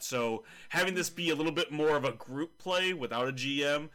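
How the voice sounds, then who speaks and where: A man's voice: fairly high pitch, moderate pace, bright, forceful tone. A man hosting a casual podcast about tabletop games, chatty and jokey, teasing his co-hosts. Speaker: podcast host.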